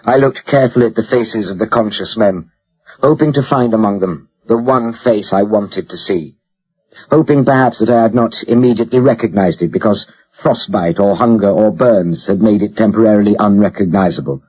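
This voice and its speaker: A man narrating an audiobook with a measured, steady delivery. His voice is low and husky, and the recording sounds muffled and lo-fi.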